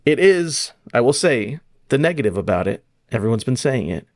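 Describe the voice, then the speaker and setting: A man on a gaming podcast, blunt and profane, riffing and mocking with quick quoted voices. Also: medium pitch, big pitch swings, a little mellow, no echo. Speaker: podcast co-host. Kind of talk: casual gaming podcast chat.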